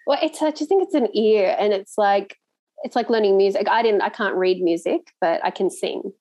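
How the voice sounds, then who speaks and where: An Australian woman hosts a relaxed podcast chat and tells stories with lively, easy laughter. Her voice sits in a middle register. It is recorded dry, with almost no room sound. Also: medium pitch, moderate pace, dry recording. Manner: chatty, animated storyteller who laughs easily. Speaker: podcast host. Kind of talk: casual conversational interview.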